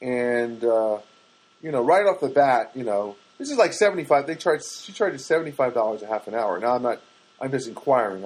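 A man's voice: mid-range voice, darkish tone, breathy edge, poor audio. A man in his fifties rambling through comic stories with exasperation, acting out phone calls.

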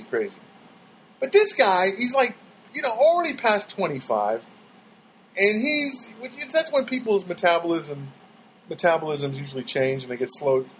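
A man's voice: high-pitched, slight background noise, low-quality recording. A middle-aged man with a New York accent, a comedian rambling through a casual monologue. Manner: rambling, animated storytelling.

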